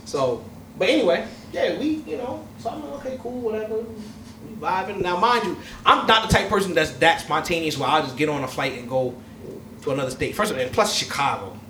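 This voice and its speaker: A man hosting a casual chat, telling a long story in a loud, profane, laughing way. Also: high voice, fairly quick. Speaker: host. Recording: echoey room, mic far off, faint noise.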